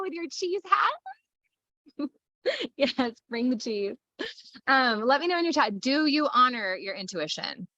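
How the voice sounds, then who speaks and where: A woman's voice: on the high side, pushed and bright, no room sound. A woman hosting a live stream as a leadership coach, talking in a bubbly, enthusiastic, playful way. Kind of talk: casual motivational live talk.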